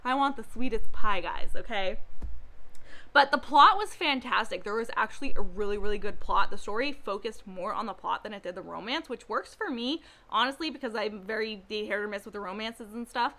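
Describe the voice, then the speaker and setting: A woman's voice: mid-range voice, lively intonation, brisk, few pauses, pushed and bright. A young woman chatting casually about books she read, laughing often and acting out characters in mocking voices. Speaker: book reviewer. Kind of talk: casual book review chat.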